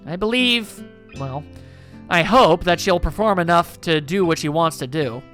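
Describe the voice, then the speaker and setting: Calm, roundabout male teacher in a read-aloud visual novel, brisk bright tone, played by a man. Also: a little high, faint music behind. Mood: reassuring. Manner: measured, roundabout lecturing. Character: patient, lecturing male schoolteacher.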